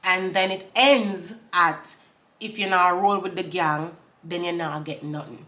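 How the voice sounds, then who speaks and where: Woman vlogger, bright and forceful tone, lowish voice, chatty lyric breakdown. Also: fairly even intonation. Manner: laughs often, reads out lyrics slowly then explains them; talks straight to viewers, asks for comments. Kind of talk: casual chat.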